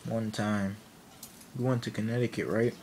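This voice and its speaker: In a lowish, darkish voice with fairly even intonation and normal speed, a man vlogs a funny story, laughing as he rambles and cutting himself off mid-thought. A faint hiss or hum is audible.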